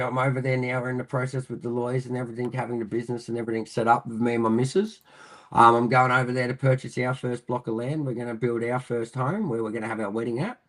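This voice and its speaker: An Australian man in his thirties, guest on an interview, speaks at an ordinary middle pitch. He rambles loosely, leans on "um" and "mate", and swears casually as he talks. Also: rough recording. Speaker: interview guest, army veteran.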